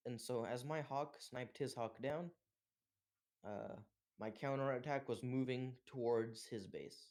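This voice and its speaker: A man's voice: mid-range voice, a little mellow. Young man casually narrating gameplay. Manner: casual, lots of filler "uh"s. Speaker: gameplay commentator. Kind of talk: gameplay commentary.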